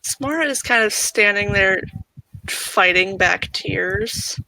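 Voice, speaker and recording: A game master narrating a tabletop role-playing game in a calm telling, with small stumbles and repeated words. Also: medium pitch, slow, gravelly, poor audio.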